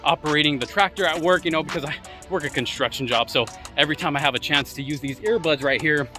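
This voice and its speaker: A man with a somewhat high, bright voice talks loosely while out walking, filling his sentences with easygoing fillers. He records himself on a phone he carries outdoors, with faint music underneath. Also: fast. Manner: chatty, loose, with many fillers. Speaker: tech vlogger. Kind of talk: casual walk-and-talk review. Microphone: phone he carries with him.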